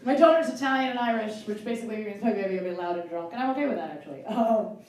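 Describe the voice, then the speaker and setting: A woman in her forties doing a self-mocking stand-up set on a live stage, chatty and quick to laugh. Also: mid-range voice, lively intonation, darkish tone. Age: 40s. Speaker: stand-up comedian. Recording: roomy live hall from far off.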